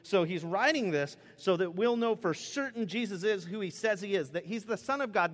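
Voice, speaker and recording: A man in his thirties preaching a sermon, telling a self-deprecating personal story with animated delivery and sudden loud outbursts, in a church. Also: high voice, moderate pace, few pauses. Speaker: pastor. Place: church sanctuary. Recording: long reverb of a large hall.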